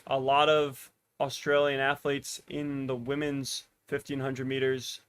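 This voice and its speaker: A young man commentating a track race live for a watch-party stream, getting excited as the race builds and chatting to viewers. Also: mid-range voice, a little slow, clean tone. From United States. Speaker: podcast host commentating a race.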